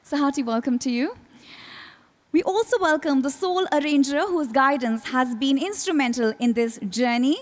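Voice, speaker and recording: A woman's voice: sits high, normal speed. A woman hosting a formal listing ceremony as emcee, welcoming dignitaries in a polished, announcing manner. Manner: polished, announcing names with rising emphasis. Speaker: event emcee.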